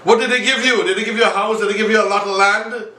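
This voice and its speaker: A man's voice: sits high, fairly even intonation, fast talker, bright, forceful tone, echoey room, far from the mic, low-quality recording. A man hosting an impassioned political commentary show, addressing his viewers directly and repeating himself for emphasis. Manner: repetitive, appealing directly to viewers. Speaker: online show host.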